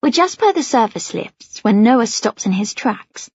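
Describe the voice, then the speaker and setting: A woman narrating an audiobook in the first person, in a light, youthful and expressive way. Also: fairly high pitch, unhurried, breathy edge, no room sound. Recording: dull, lo-fi dry audiobook recording.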